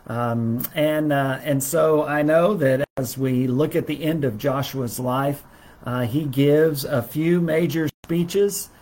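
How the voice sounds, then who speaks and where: A middle-aged man teaching a livestreamed Bible lesson as a preacher, halting often with fillers and restarts. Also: fairly high pitch, darkish tone.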